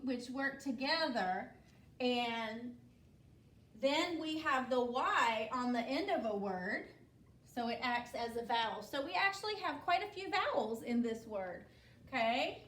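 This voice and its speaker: High-voiced woman teacher, slow and patient. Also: expressive, fairly bright tone. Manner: patient, instructive, frequent "okay?" check-ins. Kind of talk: classroom spelling lesson. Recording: echoey room, voice from a distance.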